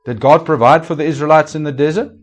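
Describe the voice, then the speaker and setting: A man preaching a sermon as pastor, asking the congregation rhetorical questions and swinging between raised and hushed delivery. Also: on the high side, steady tone, fast talker, soft background music.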